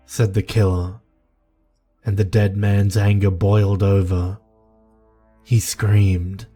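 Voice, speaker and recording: A man giving slow, measured, grave scripted horror narration. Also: low voice, level tone, mellow, husky. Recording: narration over faint music.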